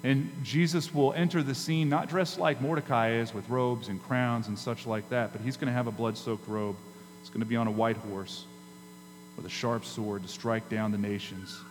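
A man preaching a sermon as pastor, emphatic, with dramatic pauses and rises in his delivery. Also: medium pitch, fairly even intonation. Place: church sanctuary. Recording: hall reverb with faint mains hum.

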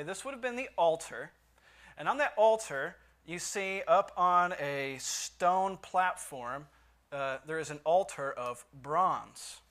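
Male Bible teacher, slightly higher voice, chatty, asks the class questions, reads verses with force. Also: a bit bright. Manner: conversational, asks the listeners questions, reads scripture aloud with emphasis. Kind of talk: Bible study lesson.

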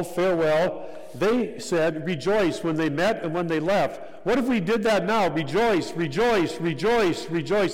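A man preaching a sermon as pastor, measured and deliberate, repeating key phrases for emphasis. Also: fairly high pitch. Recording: long hall reverb.

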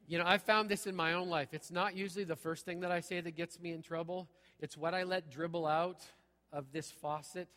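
Middle-aged male pastor, bright high-set voice, punchy conversational preaching, live church sound with long reverb. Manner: punchy, repeats "okay?" often. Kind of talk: sermon. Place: church sanctuary.

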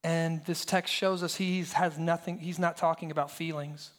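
A pastor in his thirties delivers a sermon, animatedly telling stories and firing rhetorical questions at the congregation. His voice is a little high, with a level tone and a moderate pace.

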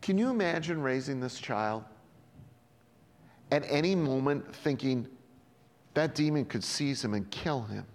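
A man's voice: mid-range voice, expressive, a little slow, pauses often, long reverb tail. A man preaching a sermon in a conversational way, acting out the Bible scenes in quoted voices. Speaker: pastor.

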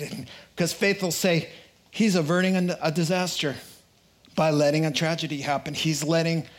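A pastor preaching a sermon in an animated way, acting out quotes and voices with humor. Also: male voice, high voice.

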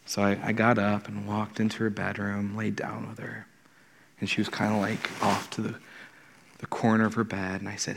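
A man's voice: lowish voice, little pitch movement, moderate pace, vocal fry. A man, a pastor, preaching a conversational and earnest sermon in his thirties, often repeating words as he starts a thought. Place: church sanctuary. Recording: long hall reverb.

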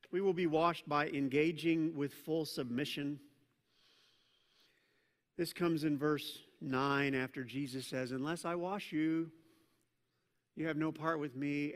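A man preaching a sermon as pastor, swinging from loud emphatic peaks down to low, quiet stretches. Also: slow, long pauses. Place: church sanctuary. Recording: long hall reverb.

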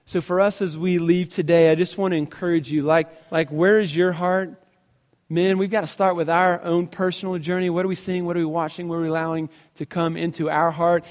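A man's voice: fairly high pitch, little pitch movement, brisk, a little mellow, in a large hall. A man, a pastor, giving an earnest sermon, telling everyday stories and acting out the voices in them. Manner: earnest storytelling, acts out quoted voices. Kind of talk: sermon to a men's gathering.

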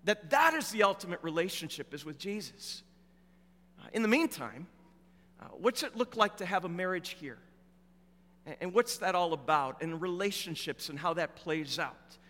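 A middle-aged man preaching a sermon as a pastor, telling stories in a relaxed, conversational way with fillers. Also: sits high, normal speed. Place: church. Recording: echoey church hall with long reverb.

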